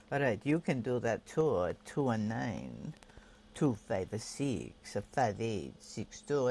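A woman's voice: very deep voice, a little mellow. A woman hosts a call-in radio show with a playful, theatrical flair. She banters breezily with her callers and keeps the talk light.

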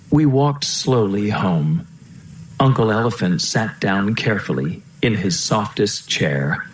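A man reading a children's storybook aloud, slow and lilting. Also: lowish voice, animated, slight background noise. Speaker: storybook reader. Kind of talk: storybook read-aloud narration. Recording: roomy echo.

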